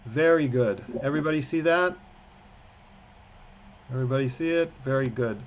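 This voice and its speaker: A man's voice: mid-range voice, normal speed. A man teaching prayer-book Hebrew in an online class, encouraging his students and often restarting his sentences. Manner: encouraging, frequent fillers and restarts. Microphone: video call. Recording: muffled video-call audio with faint hiss.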